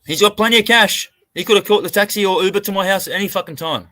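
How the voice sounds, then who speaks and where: A man's voice: high voice, fast, sharp tone, no echo. An Australian man swearing freely as he tells a rambling story in a casual live-stream chat over a video call. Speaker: co-host.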